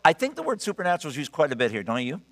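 A middle-aged man preaching a sermon, telling stories in an animated, emphatic and earnest way. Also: a little high, rapid-fire. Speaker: pastor. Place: church sanctuary. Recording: long reverb of a large church hall.

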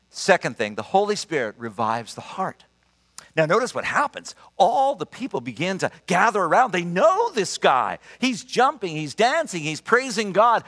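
Lively high-voiced preacher in a big hall. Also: male voice. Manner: animated storytelling, emphatic and earnest. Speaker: pastor. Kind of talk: sermon. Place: church sanctuary. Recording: long reverb of a large church hall.

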